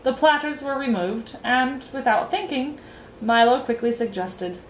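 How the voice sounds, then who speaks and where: Lady reading a kids book out loud, animated, roomy sound. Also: high-pitched, measured pace, a little hiss or hum. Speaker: reader. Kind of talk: storybook read-aloud narration. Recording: roomy echo, faint ambience.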